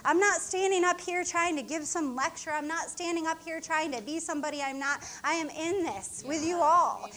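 A woman's voice: high-pitched, fairly bright tone. A middle-aged woman co-pastor preaching an emotional, heartfelt sermon with rising exclamations.

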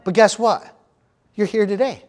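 A man preaching a sermon in a church, lively and playful, acting out panicked voices and calling out to the congregation. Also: high voice, normal speed. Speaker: pastor.

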